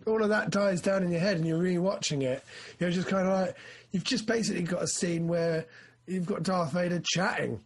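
Man, slightly high voice, husky, rambling casual chat, animated. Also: moderate pace. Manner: rambling, animated, acts out his excitement. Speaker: film discussion co-host.

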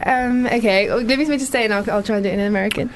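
A woman's voice: fairly high pitch, rapid-fire, slight background noise. A woman in her thirties with a South London accent, interviewing a guest in a bubbly, chatty way. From South London, England. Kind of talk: casual interview chat.

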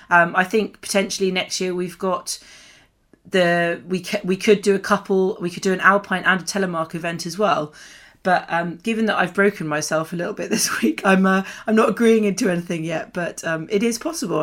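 Gravelly-voiced chatty woman co-host. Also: fairly low pitch, a bit bright. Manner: chatty, many fillers, light laughs. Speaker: radio show co-host. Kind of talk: casual chat and news read.

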